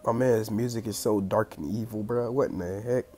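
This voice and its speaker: Young man, excitable slangy gameplay commentary, congested throat, trash talk. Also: fairly low pitch, moderate pace, faint music behind. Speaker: gaming channel host.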